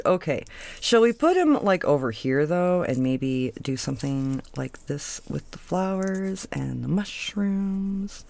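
Woman craft host, low voice with lively swoops, slow and rambling, coos at her materials. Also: vocal fry, no room sound. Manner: chatty, thinks aloud, trails off mid-sentence. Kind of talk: casual craft tutorial chat.

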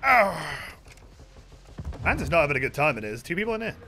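Over some background noise, a young gaming streamer talks very fast in a fairly high, very animated voice. He gives casual live commentary on a shooter game, trading profane jokes and tossing out offhand rants.

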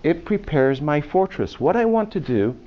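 In a muffled classroom video with faint hiss, a man teaches children chess, playfully quizzing them as the lesson goes on. His voice is fairly high, with big pitch swings, at a normal speed.

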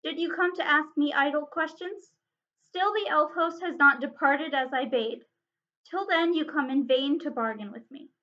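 A woman voicing a proud, wrathful male dwarf king who speaks sternly and shouts in rage. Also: sits high, normal speed, muffled recording.

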